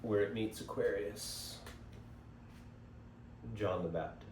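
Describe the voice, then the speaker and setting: A man's voice: on the low side, takes it slowly, darkish tone. A man hosting a casual spiritual monologue, rambling and digressive, recorded on a phone. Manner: rambling, digressive, self-interrupting. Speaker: host. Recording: echoey room, voice from far off, faint hiss.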